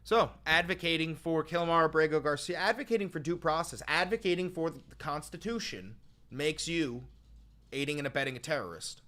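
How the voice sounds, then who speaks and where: A man hosting a political reaction show, talking in an animated, profane, slangy way. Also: on the high side, brisk. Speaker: political commentary host. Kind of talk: reaction commentary.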